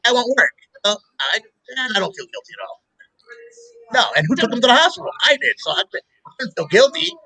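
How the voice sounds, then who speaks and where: A man hosting a show, chatting casually and telling animated stories with laughter. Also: very high-pitched, a little fast, low-quality recording. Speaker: show host. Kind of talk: casual chat.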